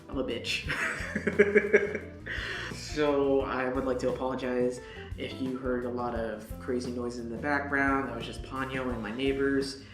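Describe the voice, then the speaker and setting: Animated young woman telling a story. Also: very deep voice. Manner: animated, swearing, talks straight to the viewer. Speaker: vlogger. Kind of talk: casual storytelling vlog. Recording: echoey room.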